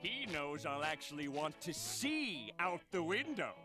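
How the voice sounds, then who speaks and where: A sour, scolding cartoon squid. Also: male voice, fairly high pitch, sing-song, a little slow, music in the background. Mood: smug. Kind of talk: cartoon voice acting.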